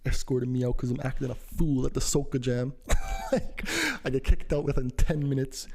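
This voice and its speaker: A man's voice: medium pitch, level tone, normal speed, creaky, dark tone. A young man telling a rambling casual story full of slang, acting out what people said. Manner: rambling, slangy, acts out quoted lines.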